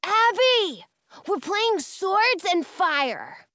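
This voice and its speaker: An earnest, eager young boy who talks with a lot of enthusiasm, as a woman reads him in a storybook. His voice sits higher than the reader's own and sounds close and dry. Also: very animated, slow, no echo, full character voice. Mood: excited.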